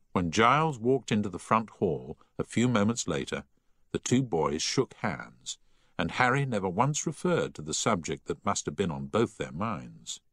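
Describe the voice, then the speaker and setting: A man reading a novel aloud as narrator in a measured storytelling manner. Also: low voice, a bit bright, dry recording, clean studio sound. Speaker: audiobook narrator. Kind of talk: scripted narration.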